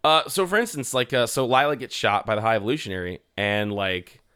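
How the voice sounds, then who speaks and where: A man co-hosting a podcast, chatting casually and excitedly about a movie, swearing and acting out scenes. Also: on the low side, a little fast, smooth. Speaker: podcast co-host. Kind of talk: casual movie-review chat.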